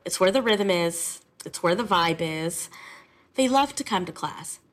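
A woman who teaches music, talking in an interview in a lively, emotional, chatty way. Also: on the low side, measured pace. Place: classroom.

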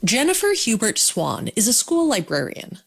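A woman's voice: fairly high pitch, wildly swooping pitch, moderate pace, creaky, husky. A woman narrating a scripted radio news feature.

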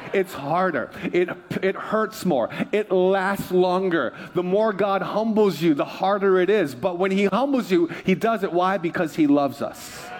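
A middle-aged pastor from Hawaii preaching a sermon in a relaxed, joking, conversational way, often repeating his phrases. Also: high-pitched.

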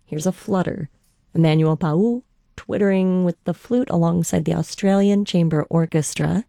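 A woman hosting a morning classical music radio hour, gentle and unhurried. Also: fairly low pitch, creaky, no echo, clean studio sound.

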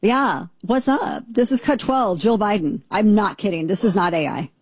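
A brash woman hosts a talk radio show, her sarcastic commentary in a dark, husky voice. The studio sound is dry and close. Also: medium pitch, animated, dry recording. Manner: brash, sarcastic, fast-shifting.

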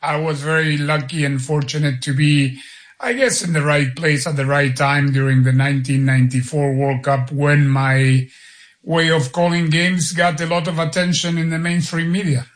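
A man's voice: on the high side, fairly even intonation, moderate pace. Man, enthusiastic announcer. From Argentina. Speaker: soccer play-by-play announcer, guest. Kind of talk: interview answers.

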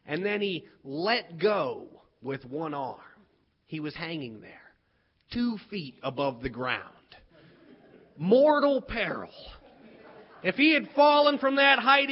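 Comic storyteller, a man from West Virginia, very high voice, animated delivery. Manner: animated, acts out voices, builds to punchlines. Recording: dull lo-fi recording.

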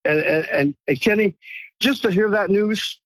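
A man's voice: sits high, moderate pace, no room sound. A man calling in to a radio show, emotional and grateful, stammering as he talks. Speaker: caller. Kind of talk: phone-in call to radio show.

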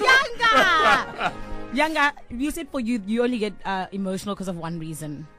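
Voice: medium pitch, very animated, normal speed, sharp tone, faint music behind. A radio host running the show and leading the talk with playful, teasing exclamations. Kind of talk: casual banter on air.

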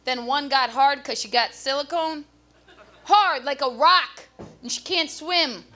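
A woman doing a stand-up comedy routine on a club stage with a handheld mic, brash and loud with punchy delivery. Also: high-pitched, measured pace.

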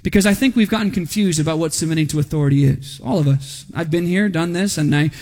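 A man's voice: on the high side, fast talker, darkish tone. A man preaching a sermon as pastor, emphatic, asking rhetorical questions and dropping into a stern voice for quotes. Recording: hall reverb.

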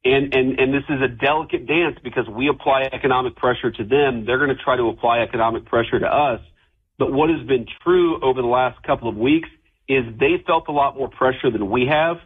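A man speaking as a politician in a radio interview, measured, with occasional restarts. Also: mid-range voice, husky. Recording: phone-like radio clip.

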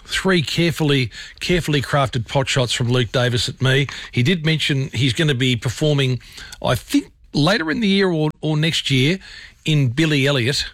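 A man's voice: fairly high pitch, expressive, moderate pace, fairly bright tone, dry recording. A man with an Australian accent hosting a casual radio interview, chatty and joking. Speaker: radio host. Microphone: studio mic.

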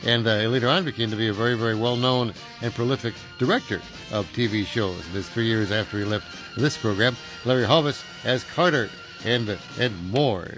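A man's voice: mid-range voice, fairly quick, few pauses, over music. Man hosting a radio talk show. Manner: conversational, uses fillers, chuckles easily. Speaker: radio host.

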